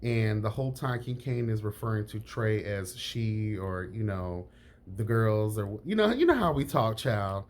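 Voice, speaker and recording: A man's voice: measured pace, a little hiss or hum. Sassy man chatting with flair. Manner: sassy, frank, peppered with "honey" and "girl"; lively pitch jumps on emphasis. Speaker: reality TV reviewer. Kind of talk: casual chat.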